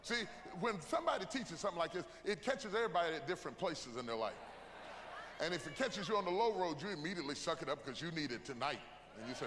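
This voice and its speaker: High-voiced preacher shouting in an echoey church. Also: male voice, lively intonation, fast. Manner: preaching with humor, rising to shouts. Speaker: pastor. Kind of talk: sermon. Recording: echoey church hall with loud room noise.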